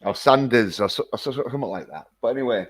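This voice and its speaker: A man's voice: medium pitch, expressive, fast talker. A man recapping a film in a casual, rambling way, full of hesitations and swearing. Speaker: film reviewer.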